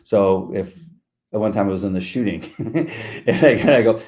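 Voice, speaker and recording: A man's voice: fairly low pitch, normal speed, dark tone. A middle-aged man co-hosting a podcast, chatting casually and acting out quotes as he tells stories. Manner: laid-back storyteller, acts out quotes. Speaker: podcast co-host. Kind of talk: casual chat.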